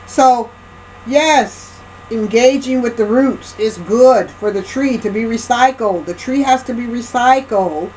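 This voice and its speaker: A woman's voice: fairly high pitch, measured pace, a little mellow, slight background noise, poor audio. A woman speaking in a rambling spiritual lecture monologue, emphatic, often restarting and repeating phrases, checking in with the listener as she goes.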